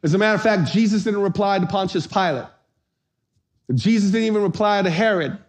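Brisk and high-voiced, a pastor preaches while telling a funny story. He animates it by acting out the characters' voices and shouting for comic effect.

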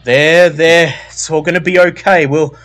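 A man voicing a laid-back young man who talks in a flat, deadpan way. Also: a little high, a little slow, soft background music, voice pushed up. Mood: flat comforting.

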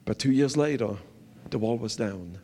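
An older man with a German accent giving an earnest sermon testimony as a visiting pastor, speaking halting English with many fillers. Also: mid-range voice, warm tone, a little hiss or hum.

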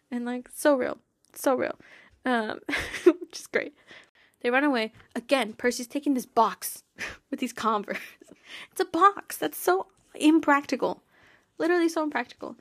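A woman's voice: high voice, dry recording, studio quality. A young woman hosting a podcast, chatting casually and enthusiastically, laughing often. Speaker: podcast host. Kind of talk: casual chat.

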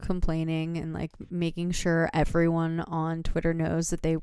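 A young woman chatting on a podcast, rambling through her story with lots of "like" and "um", laughing as she goes. Her voice is low-pitched for a woman and very clear, recorded close and dry. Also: monotone, moderate pace, darkish tone, no room sound. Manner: rambling storyteller, filler-heavy, laughs often. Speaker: podcast co-host. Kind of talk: casual podcast chat.

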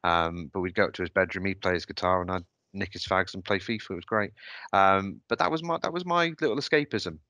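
Deep-voiced man, hesitant and reflective. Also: fast, bright, forceful tone, dry recording. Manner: hesitant and reflective, with frequent restarts. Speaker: podcast host. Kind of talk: personal storytelling on a podcast.

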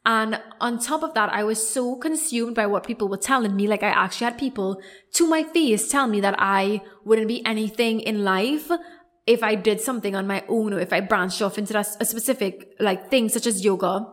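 A woman's voice: medium pitch, normal speed. A young adult woman, a yoga teacher, telling a personal story on her podcast in a chatty, rambling way full of "like". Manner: chatty, rambling, heavy on 'like'. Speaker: podcast host.

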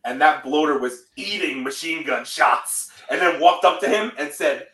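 A man hosting a casual podcast chat, lively and laughing easily. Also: fairly high pitch, normal speed. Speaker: podcast host. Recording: roomy, distant from mic.

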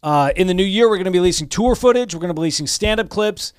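A man's voice: high voice, very fast, smooth, dry recording. A man co-hosting a podcast, bantering in emphatic, teasing bursts on a dry close mic. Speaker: podcast co-host. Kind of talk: casual banter.

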